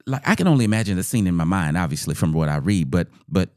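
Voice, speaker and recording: Low-voiced, animated man giving a chatty, informal sermon. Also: fast talker, few pauses, no echo, studio quality. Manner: conversational, repeats words, asks "right?" often. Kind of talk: casual devotional sermon.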